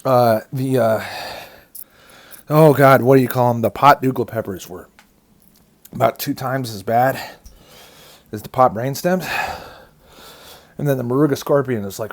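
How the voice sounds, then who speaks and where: A man with a mid-range voice speaks at a measured pace, leaving long pauses. He narrates commentary over his own video in a casual, profane way, swearing often. As the chili peppers' heat hurts him, he groans, hums and sighs through the pain.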